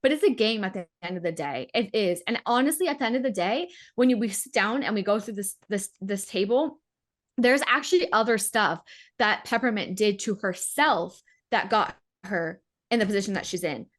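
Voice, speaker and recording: A woman's voice: medium pitch, animated, normal speed. A woman in a mid-range voice talks casually through a reality-show recap. She leans on fillers and pushes her points with emphasis. The delivery is conversational and a little meandering. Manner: emphatic, lots of "like", defends players. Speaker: podcast co-host.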